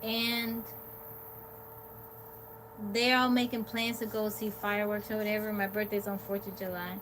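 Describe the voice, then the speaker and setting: A woman's voice: mid-range voice, little pitch movement, moderate pace, fairly bright tone. A woman hosting a livestream, casually telling a personal story in a rambling, candid way and quoting what people said. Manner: candid, rambling, quotes herself and others. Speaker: livestream host. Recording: noisy background.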